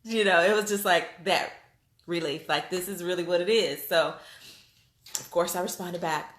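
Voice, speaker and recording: Excitable woman vlogger, roomy echo. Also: on the low side, moderate pace, a little hiss or hum. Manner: animated, excitable, many fillers and restarts. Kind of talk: casual storytelling to viewers.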